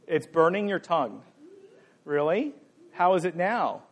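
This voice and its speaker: A middle-aged pastor with a fairly high, light voice for a man. He preaches in a relaxed, playful way and jokes with the people in the pews. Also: measured pace. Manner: conversational, playful, jokes with the congregation. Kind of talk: sermon with a live demonstration.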